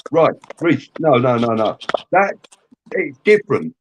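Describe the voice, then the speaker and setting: A man's voice: mid-range voice, sing-song, measured pace, lo-fi sound, a little hiss or hum. A middle-aged man co-hosting a casual live-stream chat, opinionated and emphatic, often repeating himself.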